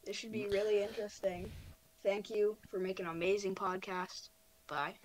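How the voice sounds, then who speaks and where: A woman's voice: mid-range voice, steady tone, normal speed, a little hiss or hum, low-quality recording. A woman leaving a brief, upbeat voicemail for a podcast. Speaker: voicemail caller. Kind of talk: recorded voicemail message.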